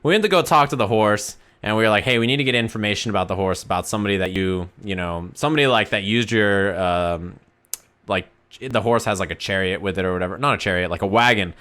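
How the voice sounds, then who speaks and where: A man's voice: fairly low pitch, fast talker. A man streaming, casually telling a rambling, profanity-laced story to his chat. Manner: animated, profane, rambling anecdote.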